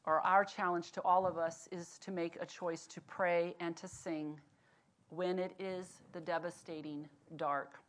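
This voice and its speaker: A woman giving a devotional talk, telling a lively personal story and then slowing into earnest encouragement. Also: fairly low pitch. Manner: animated storyteller turning earnest and slow when exhorting. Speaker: devotional speaker.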